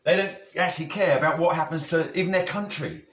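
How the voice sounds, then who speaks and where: A man rambling and musing as he cooks, with many halting restarts and self-corrections. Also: a little high. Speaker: cooking vlogger. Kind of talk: rambling talk while cooking. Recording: roomy, slightly dull audio with faint noise.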